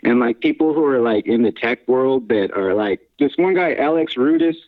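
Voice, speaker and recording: A man's voice: medium pitch, normal speed. A man, a house music DJ and producer, telling his story as an interview guest in a rambling, laughing way with many restarts. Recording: tinny phone-like line.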